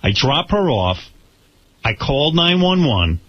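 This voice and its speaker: A radio host recounting a story on air, rambling and restarting his words as he gets excited. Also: mid-range voice, measured pace, slightly rough, no room sound. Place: radio studio. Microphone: studio mic. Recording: dull, lo-fi radio broadcast.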